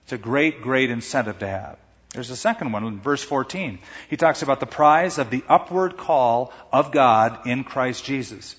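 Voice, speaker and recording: A pastor with an animated, mid-range voice preaches at normal speed, pressing his points emphatically until they peak strongly. His volume swings dramatically, and the recording sounds muffled and dull inside an echoey hall.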